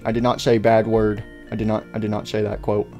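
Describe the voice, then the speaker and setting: A cheeky young boy, as a man voices him in a game-based cartoon, talking low and mumbled. His voice sits well under the others and stays quiet. He stammers through his evasions. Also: monotone, brisk, faint music behind, natural voice. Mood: evasive.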